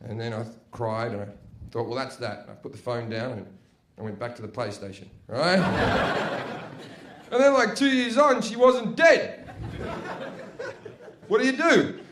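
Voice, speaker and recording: Live on stage at a comedy venue, an Australian man performs a brash, profane stand-up set, chatty and packed with tag questions. His medium-pitched, slightly bright voice runs a little slow with long pauses, and the room is echoey and noisy.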